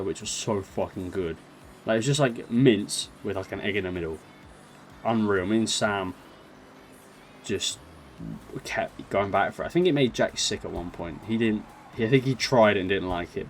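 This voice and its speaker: A man's voice: on the low side, a little hiss or hum. A young man casually telling a funny holiday story, laughing and mocking himself along the way. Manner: chatty, laughs through his story, self-mocking. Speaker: storyteller vlogger.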